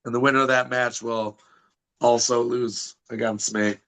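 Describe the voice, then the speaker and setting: A man's voice: mid-range voice, little pitch movement, moderate pace, a bit bright, poor audio. A man chatting as a podcast guest, brash and swearing, talking up his wrestling events while losing his voice. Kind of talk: casual chat.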